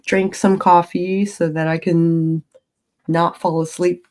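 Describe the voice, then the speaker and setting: A woman's voice: fairly low pitch, little pitch movement, takes it slowly, darkish tone. A woman in casual chat, wry and drawling.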